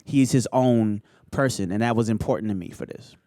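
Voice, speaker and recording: A man's voice: on the low side, a little fast, mellow, no room sound, studio quality. A man who sings and acts, talking earnestly and thoughtfully about his work in an interview. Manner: earnest, reflective. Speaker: singer and actor. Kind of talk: casual interview chat.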